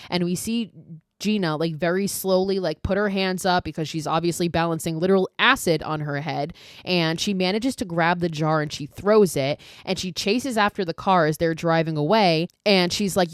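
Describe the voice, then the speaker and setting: In a dry, clean studio recording, a woman with a lowish voice speaks at normal speed on her podcast, giving a chatty film recap. She swears freely and uses "like" heavily.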